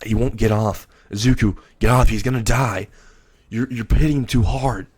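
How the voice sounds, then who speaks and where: A man's voice: lowish voice, completely flat delivery, drawn-out words, a bit bright. A man playing an alarmed pleading father. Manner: pleading, urgent. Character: alarmed middle-aged father.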